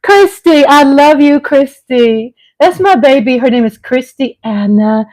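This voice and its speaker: A middle-aged woman with a somewhat high voice hosts a casual home vlog. She talks straight to her viewers, gushing and animated. She laughs often and drops to a soft, tender tone between bursts of excitement. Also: measured pace, low-quality recording. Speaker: vlog host. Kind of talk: casual live chat with viewers. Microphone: on a mic at home.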